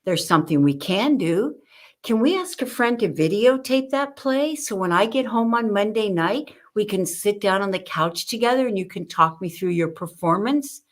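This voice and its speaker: Older woman telling lively stories. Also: medium pitch, moderate pace. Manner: lively storyteller who acts out the people she quotes. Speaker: guest expert on communication. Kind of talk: conversational interview with storytelling.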